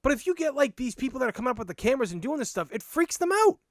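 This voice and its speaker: A man with a Boston accent, hosting a podcast and telling stories in a blunt, animated, casual way with some swearing. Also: very high-pitched, racing, no room sound, studio quality. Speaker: podcast host. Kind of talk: casual storytelling monologue.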